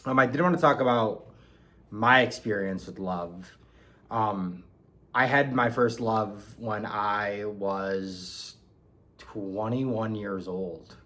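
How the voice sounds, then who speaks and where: A man's voice: lowish voice, slow pace, pushed and bright. A young man from New York telling a personal story in a casual, hesitant way, with many ums and restarts. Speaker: book reviewer.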